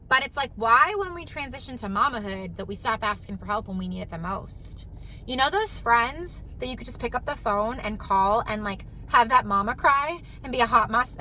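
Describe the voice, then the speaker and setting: A woman's voice: sits high, sharp tone, slight background noise, poor audio. A woman in her thirties talking casually to camera from her parked car, chatty and emphatic, repeating key phrases. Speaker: vlogger, mom and business owner.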